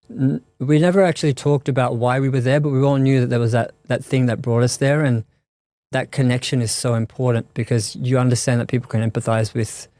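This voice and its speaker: Male guest, mid pitch, monotone delivery, halting and reflective, dry close sound. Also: no room sound. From Australia. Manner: thoughtful, halting, many restarts and fillers. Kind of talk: reflective conversational interview.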